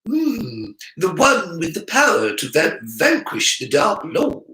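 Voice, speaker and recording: A strict, clipped Scottish witch professor, voiced by a male reader in an audiobook. Her precise voice sits high and leaps between notes. The recording has a roomy echo. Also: wildly swooping pitch, takes it slowly, bright, forceful tone, full character voice. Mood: stern.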